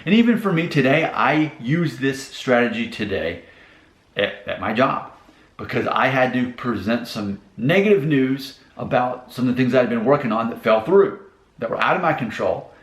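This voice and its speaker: A man's voice: mid-range voice, animated, moderate pace. A man hosting his own channel, earnestly talking through practical advice to the camera in a casual way. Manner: earnest, repeats steps, restarts. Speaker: channel host giving advice. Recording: roomy echo.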